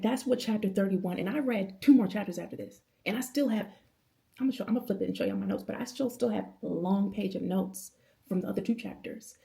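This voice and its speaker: A woman's voice: medium pitch, vocal fry, mellow. A woman in her thirties talking to camera at home in a casual, passionate, rambling late-night Bible chat, using slang and calling viewers y'all. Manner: passionate, rambling, with many restarts and laughs. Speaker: vlogger. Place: at home indoors.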